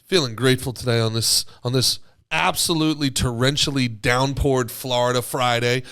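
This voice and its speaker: A man's voice: medium pitch, fairly even intonation, normal speed, fairly bright tone, clear, resonant tone. Playful, teasing man hosting a podcast. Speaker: podcast co-host. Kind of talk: casual podcast banter.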